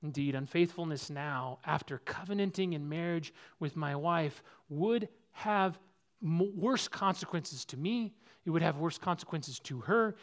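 Male pastor, sermon, higher-pitched voice, earnest, loud peaks then hushed lows. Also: a little slow. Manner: swings between loud, high exhortation and quiet, low reflection; personal, earnest preaching with illustrations.

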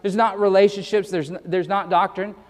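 Male pastor, high voice, earnest and emphatic sermon delivery, stumbling restarts, heard with a lingering hall echo. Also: steady tone. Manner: earnest, emphatic preaching with quick verse citations; repeats words when starting sentences.

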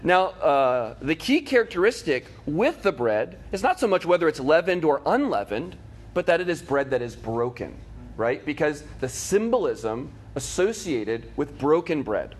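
A man's voice: fairly high pitch, very animated, moderate pace, husky. A man teaching a catechism class, talking casually to his students with many fillers, restarts and "right?" check-ins. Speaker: Bible teacher.

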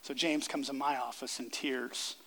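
A man's voice: medium pitch, steady tone, moderate pace, pushed and bright. A man preaching a sermon as pastor to a congregation in a church, earnest and repeating phrases for emphasis. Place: church sanctuary before a congregation. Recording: reverberant hall sound.

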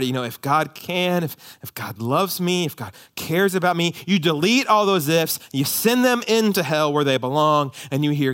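A man preaching a sermon as pastor, impassioned and emphatic, rising to loud peaks. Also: fairly high pitch, expressive, moderate pace, few pauses.

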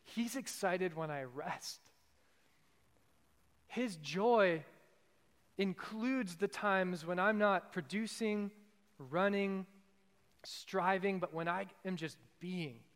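A man with a high, smooth, resonant voice delivers an earnest sermon, repeating key lines for emphasis. His words ring out with a long reverb trailing behind them. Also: slow pace, pauses often, fairly bright tone. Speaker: pastor.

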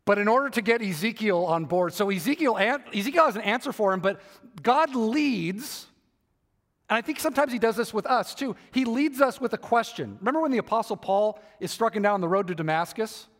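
A man's voice: high voice, big pitch swings, fairly quick, fairly bright tone, in a large hall. A man preaching a sermon, who restates his points again and again and asks the congregation rhetorical questions. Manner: repeats and rephrases for emphasis, asks rhetorical questions.

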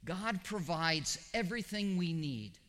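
A man preaching a sermon as pastor, swinging from high emphatic questions down to low, quiet reassurance. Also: lively intonation, a little slow, big-room sound.

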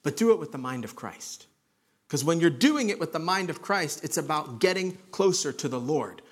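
A male pastor teaches through a Bible passage with an earnest, conversational delivery. His voice sits a little higher than most men's and falls quiet for emphasis. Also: lively intonation, normal speed, slightly rough. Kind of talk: expository sermon.

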